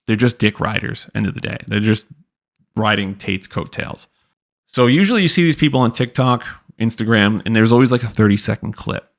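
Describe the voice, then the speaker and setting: A man's voice: fairly low pitch, fairly quick, gravelly. A young man hosting a podcast, ranting casually with profanity and lots of filler words. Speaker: podcast host. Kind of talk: casual commentary rant.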